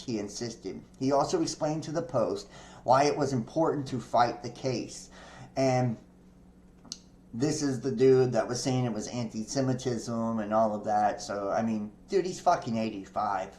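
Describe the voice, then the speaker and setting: A man's voice: mid-range voice, a little slow, darkish tone. A man hosting a podcast, reading news articles aloud and breaking off into profane, chatty commentary with frequent laughs. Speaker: podcast host. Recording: echoey room.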